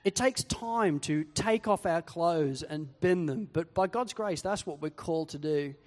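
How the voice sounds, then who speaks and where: A man preaching a sermon, lively, often acting out the voices of others. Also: on the high side, unhurried, long reverb tail. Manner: lively, acts out quoted voices. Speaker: pastor.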